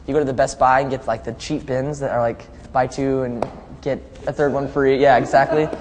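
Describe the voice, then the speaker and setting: A relaxed young man of middle pitch answers fan questions in a chatty, easygoing way, often laughing between thoughts. His voice carries a long reverb tail, and faint noise hums underneath. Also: a little fast. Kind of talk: casual live video chat.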